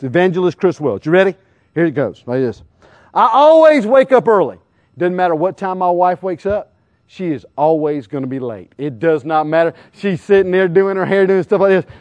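A man's voice: high-pitched, no echo. A middle-aged man preaching a sermon as an evangelist, firing questions at his listeners and acting out everyday scenes. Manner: animated, questions the crowd and acts out scenes.

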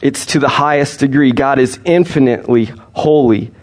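A man preaching a sermon, explaining scripture in an earnest, steady teaching manner with frequent restarts. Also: mid-range voice, moderate pace.

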